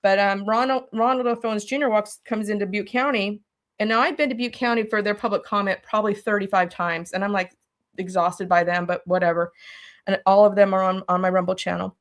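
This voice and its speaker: A woman's voice: medium pitch, steady tone, fairly quick. A middle-aged woman telling her story as an interview guest, urgent and emphatic, often acting out her own past words. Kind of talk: emotional personal storytelling.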